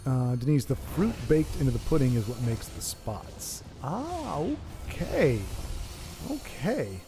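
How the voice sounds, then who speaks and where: A man's voice: mid-range voice, big pitch swings, takes it slowly, background noise. Chatty, self-mocking male stream host. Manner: rambling, self-mocking, jokey chat with viewers. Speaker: stream host and match commentator. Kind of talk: casual live-stream commentary. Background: background music.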